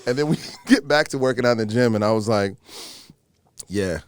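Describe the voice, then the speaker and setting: A man in his thirties, an actor being interviewed, telling stories in a lively way and acting out what people said. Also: mid-range voice, quick pace, clean tone, dry recording, studio quality. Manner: animated storyteller who acts out quoted exchanges. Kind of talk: casual interview chat.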